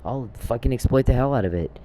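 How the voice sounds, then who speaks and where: A man's voice: mid-range voice, lively intonation, fairly quick, mellow, slight background noise. A man in a rambling, profane recorded rant, accusing people by name and telling a story with quoted back-and-forth.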